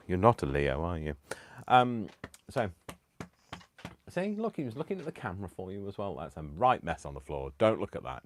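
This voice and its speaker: A man's voice: low voice, expressive, a little fast, slight background noise. A man hosting a craft live stream from home, chatting casually with self-mocking, rambling asides. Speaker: craft channel host. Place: home, indoors.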